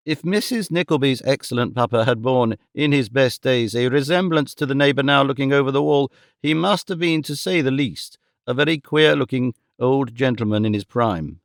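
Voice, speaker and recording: A man narrating a classic novel as an audiobook in a measured, even storytelling manner. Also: mid-range voice, vocal fry, no echo, studio quality. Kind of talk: scripted narration.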